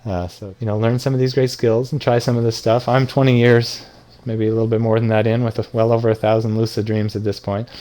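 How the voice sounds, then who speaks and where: A man's voice: mid-range voice, flat delivery, fast talker, warm tone. A middle-aged man who teaches lucid dreaming, casually telling a dream story to an audience and acting out the lines he quotes with a raised voice.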